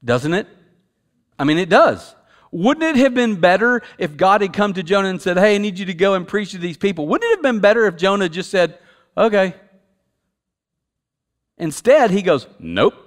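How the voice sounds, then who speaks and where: A man, the senior pastor, preaching a sermon in a conversational way. He repeats words for emphasis and drops from loud, emphatic peaks to hushed, quiet stretches. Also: high-pitched, animated, moderate pace, pauses often. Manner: repeats words for emphasis, casual fillers like "like" and "you know".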